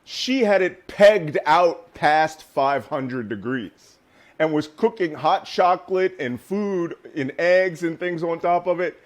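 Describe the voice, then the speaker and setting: A man guest in a casual interview, telling lively stories and laughing often. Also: on the high side, takes it slowly. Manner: animated storyteller, laughs often.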